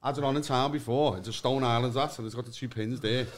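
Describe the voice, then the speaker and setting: A man's voice: medium pitch, steady tone, quick pace. A young man, co-hosting a comedy podcast in casual banter, swearing and laughing through his stories. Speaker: podcast co-host.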